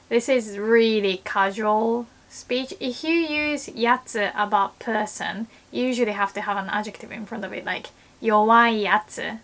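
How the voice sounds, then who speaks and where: A woman with a Japanese accent, a native Japanese speaker, giving a casual language lesson and playfully acting out example phrases with big jumps in pitch. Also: a bit bright.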